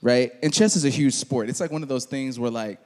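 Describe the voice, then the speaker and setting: Relaxed man interviewing in a reverberant hall. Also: medium pitch, a little fast. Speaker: host interviewer. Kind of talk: artist talk conversation. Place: hall at a museum.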